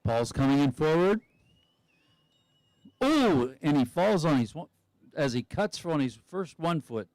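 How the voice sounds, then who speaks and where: A man's voice: on the high side, big pitch swings, measured pace, a little mellow, dry recording. A man giving live sports commentary who chats and thinks aloud about each skier's options.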